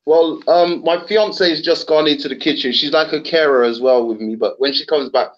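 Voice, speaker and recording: A man with an English accent, a guest speaking by call from home, who hesitates often and fills his pauses. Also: on the high side. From England. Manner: hesitant, filler-heavy. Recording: dull lo-fi call line with faint noise.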